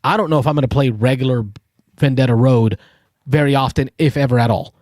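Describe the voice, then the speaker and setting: Guy on a board game show hyping up an expansion, mid-pitched voice, dry sound. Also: fast, a little mellow, no echo. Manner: enthusiastic, explains in detail with self-corrections. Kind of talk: casual review chat.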